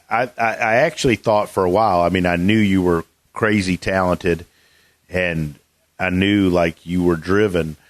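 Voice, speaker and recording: This man, a golf coach and podcast host, runs a casual golf coaching interview. His voice sits low in a dry recording, and he rambles with many restarts and fillers.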